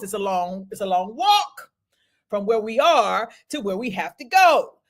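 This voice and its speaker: A middle-aged woman, hosting a livestream in a casual comedic monologue with animated, swearing bursts and laughs. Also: medium pitch, unhurried. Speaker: livestream host.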